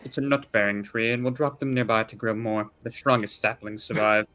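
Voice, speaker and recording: A man voicing a deep-voiced young male wizard student with an attempted French accent, halting as he tries the accent. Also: level tone, bright, forceful tone, no echo. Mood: earnest.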